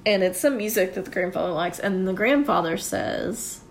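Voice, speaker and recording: Woman, casual chat, rambling storyteller who swears, mid pitch, faint background hum. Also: lively intonation, normal speed.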